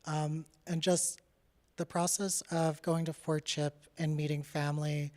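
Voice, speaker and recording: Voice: mid-range voice, little pitch movement, measured pace, darkish tone. Chatty young adult artist from Canada. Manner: candid and chatty, with frequent "like" and "uh" fillers; laughs now and then while speaking. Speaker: artist giving a talk. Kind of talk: casual presentation about their artwork.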